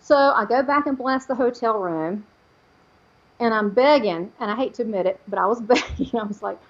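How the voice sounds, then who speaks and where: A psychic medium on an interview show tells a personal story at a moderate pace in a fairly high voice, bringing it to life by acting out quoted voices. The recording sounds lo-fi.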